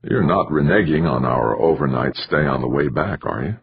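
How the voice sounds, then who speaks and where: A man's voice: extremely low pitch, normal speed, slightly rough, narrow, tinny audio, full character voice. A man reading an audiobook, voicing a dry, straight-faced male traveler close to his own voice. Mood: deadpan. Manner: deadpan, serious. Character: dry-humored adult man space traveler, deadpan.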